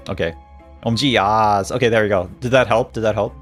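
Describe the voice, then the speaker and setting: A man's voice: lowish voice, fairly even intonation, normal speed, faint music behind. A man streaming a game, reading its dialogue aloud in changing voices and joking with his viewers, laughing often. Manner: playful, laughs often, reads characters' lines in shifting voices.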